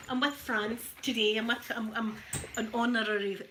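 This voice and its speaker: A woman with a Glaswegian Scottish accent chats away at home as she irons, joking and laughing as she goes. Her voice is bright and a touch high, and a faint hiss sits under it. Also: fairly even intonation, normal speed. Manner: chatty and jokey, laughs often. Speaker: ASMR creator. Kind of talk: casual chat. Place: at home, ironing.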